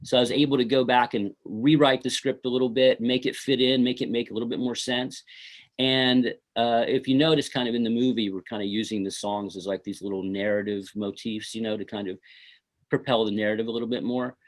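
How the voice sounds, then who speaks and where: A middle-aged man speaks in a relaxed, unhurried way as he is interviewed about his own film. He rambles through anecdotes and scatters fillers like "you know" and "uh" between his thoughts. His pitch sits at an ordinary middle level. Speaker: filmmaker being interviewed. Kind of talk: casual interview storytelling.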